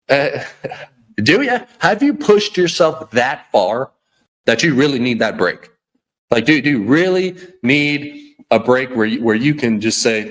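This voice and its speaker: A man's voice: mid-range voice, animated, unhurried, a bit bright. A man hosting a podcast, giving a blunt, preachy motivational rant full of repeats and "okay?". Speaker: podcast host.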